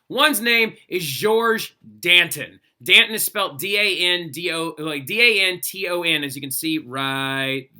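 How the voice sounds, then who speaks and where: A man's voice: fairly high pitch, pushed and bright. A young man teaching a history lesson in a chatty, casual way, peppering his talk with "like" and "right?". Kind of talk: recorded classroom lesson.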